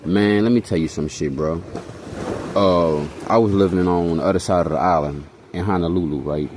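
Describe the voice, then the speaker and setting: Deep-voiced young guy from hawaii, rambling slangy storytelling, faint noise behind. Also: normal speed. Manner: rambling, slangy, profane, keeps checking in with "you know what I'm saying". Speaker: vlogger. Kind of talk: casual storytelling monologue.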